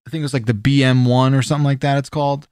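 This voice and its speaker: A man's voice: mid-range voice, level tone, rapid-fire, a little mellow, clear, resonant tone, no echo, studio quality. A man co-hosting a casual podcast, rambling loosely, laughing and swearing as he talks. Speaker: podcast co-host.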